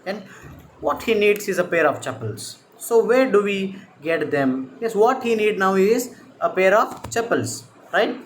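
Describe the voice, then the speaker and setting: A man with an Indian English accent teaching a story lesson to students, halting, with many fillers, stopping to explain word meanings. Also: high-pitched, sing-song, slight background noise.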